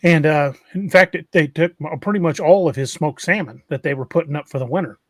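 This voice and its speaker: A man's voice: fairly high pitch, fairly quick, no echo, studio quality. A man hosting a podcast, telling stories in a casual, rambling way with many restarts. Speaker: podcast host.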